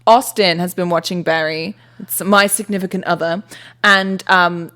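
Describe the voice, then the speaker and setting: A woman's voice: fairly low pitch, steady tone, normal speed, bright, forceful tone. A British woman from England, near Bristol, co-hosting a podcast in casual chat. She talks freely and often drifts off on tangents. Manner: chatty, wanders into tangents. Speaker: podcast co-host.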